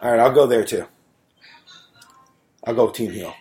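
Very deep-voiced woman hosting. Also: normal speed, dark tone, soft background music. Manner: leads the panel, prompting each guest for picks. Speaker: podcast host. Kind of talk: casual chat.

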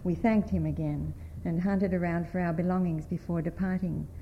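A woman's voice: lowish voice, muffled recording, a little hiss or hum. Woman reading a story aloud. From United States. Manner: measured, expressive storytelling. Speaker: writer reading at a panel.

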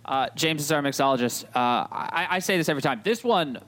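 A man's voice: fairly high pitch, lively intonation, a little fast, fairly bright tone, a little hiss or hum. Joking male podcast host. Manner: joking, rambling, self-deprecating. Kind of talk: casual podcast chat.

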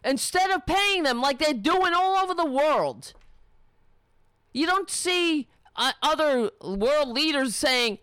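A woman's voice: high voice, lively intonation, takes it slowly, fairly bright tone, dry recording, clean studio sound. A woman delivering an angry, sarcastic and profane political rant. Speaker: political commentator.

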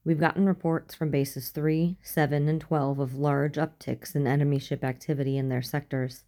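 Stern male general, authoritative, measured, read by a woman. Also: low voice, little pitch movement, dark tone. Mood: grave.

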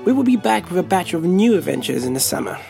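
A man's voice: sits high, big pitch swings, fast talker, creaky, warm tone, faint music behind. A man hosting a children's story podcast, speaking in a theatrical storyteller manner. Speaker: podcast host. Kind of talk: scripted narration.

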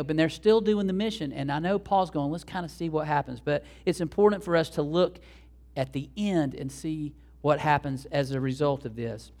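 A man preaching a sermon as pastor, animated and acting out the dialogue he quotes. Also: fairly high pitch.

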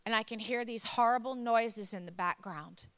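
A woman's voice: fairly high pitch, moderate pace, fairly bright tone. A middle-aged woman giving an emotional sermon testimony, storytelling that builds to impassioned emphasis.

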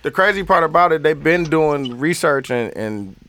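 A man's voice: on the high side, lively intonation, background noise. A man co-hosting a podcast, telling stories in loose slang with frequent restarts. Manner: loose, slangy, halting storytelling. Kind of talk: casual chat.

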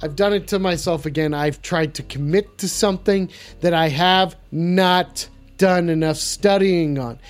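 A man's voice: sits high, a little slow, faint music behind. A man hosting a live call-in show in a clumsy put-on French accent, playful and rambling.

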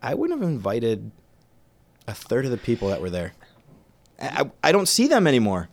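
A man's voice: mid-range voice, huge pitch swings, normal speed, creaky. A man co-hosting a casual podcast chat, joking and laughing often, recorded on a close studio mic. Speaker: podcast co-host.

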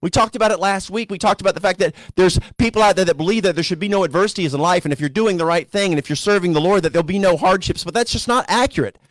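A male pastor preaching a sermon in a conversational storytelling way, sometimes rising to animated emphasis. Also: high-pitched, very fast, hardly any pauses, dry recording. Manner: conversational storytelling preacher, voices characters casually.

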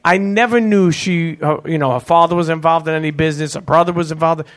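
A man hosting a live podcast in front of an audience, telling rambling, animated, profane stories and taking questions. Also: on the high side, fast talker. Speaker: host. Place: live event space with audience.

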